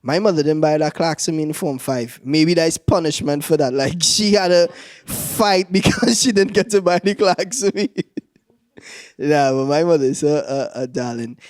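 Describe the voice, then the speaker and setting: A young Trinidadian comedian tells stories in a fairly high voice, often laughing mid-sentence. The sound is dry and close. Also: male voice, normal speed, no echo. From Trinidad and Tobago. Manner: laughs through his own lines, animated storytelling. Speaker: stand-up comedian. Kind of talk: stand-up comedy set.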